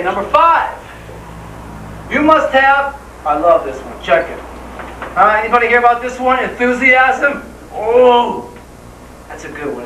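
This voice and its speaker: A man with a very high, bright voice gives an enthusiastic motivational talk, tossing rhetorical questions at the crowd. He sounds distant from the mic, his voice ringing through a roomy hall over a faint hum. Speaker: motivational speaker. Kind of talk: live seminar speech. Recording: echoey hall, voice from far off.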